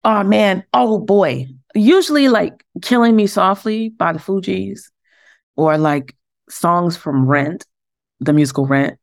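A woman's voice: mid-range voice, slow, gravelly, no echo, clean studio sound. A woman, chatting candidly as a podcast guest in an easygoing, self-deprecating way. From the Bronx, New York. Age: late 30s. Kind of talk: casual interview chat.

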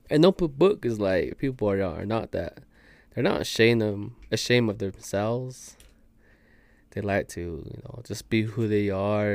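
Slow, slangy man telling a story. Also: on the low side, gravelly, darkish tone, dry recording. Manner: loose, profane, laughs mid-story, slangy. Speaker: podcast guest. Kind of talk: casual storytelling chat.

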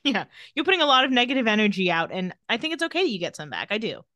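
A woman's voice: on the high side, no room sound. A young woman co-hosting a casual podcast recap, chatty and sarcastic, laughing often. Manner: animated recap, breaks into quick impressions of characters. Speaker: podcast co-host recapping a TV episode. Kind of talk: casual chat.

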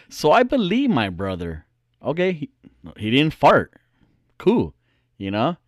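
A man with a slightly high voice tells a story in a lively, swinging way, laughing often and swearing freely. The recording is close and dry, with no room sound. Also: moderate pace, dry recording. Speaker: storyteller talking to viewers. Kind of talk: casual storytelling.

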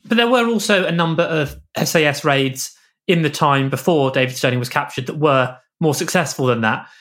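A man's voice: on the high side, moderate pace, fairly bright tone. Man asking an interview question.

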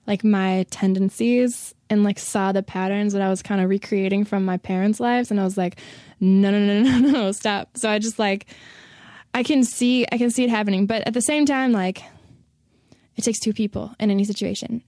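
A woman's voice: medium pitch, steady tone, normal speed, dark tone, no room sound. A young woman from the Chicago area chats easily in a casual conversation. She leans on "like" as a filler and laughs often. The sound is dry and close, with no room around her. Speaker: guest.

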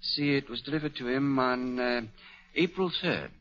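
An actor playing a courteous, businesslike jeweler, in 1940s radio acting. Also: male voice, medium pitch, moderate pace, a bit bright, close to an everyday voice. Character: smooth, obliging male jeweler. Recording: dull old radio broadcast.

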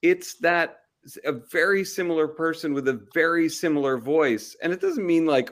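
A fairly high-pitched male voice at normal speed, with a fairly bright tone. He's a comedy TV writer guesting on a casual podcast, recorded as a live show in a restaurant. His manner is thoughtful and hedging, and he acts out quoted voices.

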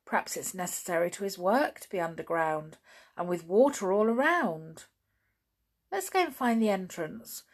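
An eager, practical boy from a children's adventure storybook, as a woman reads him aloud. His voice bounces with lively pitch and a slight gravelly edge. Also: moderate pace.

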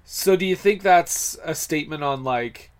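A man's voice: a little high, moderate pace. A man co-hosting a podcast, chatting casually with a wry, teasing manner. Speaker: podcast co-host. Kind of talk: casual chat.

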